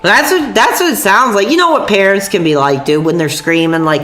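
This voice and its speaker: Sick and sore-voiced, a woman streamer rants angrily and profanely to her chat, rambling a little fast with hardly any pauses. Her medium-pitched voice is animated and fairly bright, heard in an echoey room with faint music.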